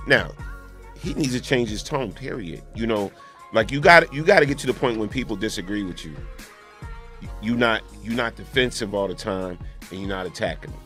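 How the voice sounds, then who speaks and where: Male radio co-host, animated storyteller with a bright, forceful tone. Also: lowish voice, a little fast, soft background music. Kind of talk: casual call-in radio talk.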